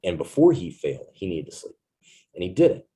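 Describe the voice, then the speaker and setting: A man in his thirties with a deep, dark, husky voice. He tells a story from his service earnestly and reflectively as an interview guest, checking in with "right?" as he goes. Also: sing-song, brisk, low-quality recording. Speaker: interview guest, Marine veteran.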